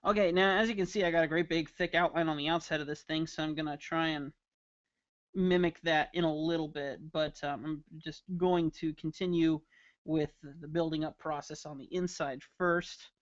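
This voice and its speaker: A man's voice: a little high, steady tone, normal speed, dry recording. A man casually chatting with viewers during a live drawing stream, playful and jokey. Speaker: caricature artist streaming live. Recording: dull lo-fi stream audio.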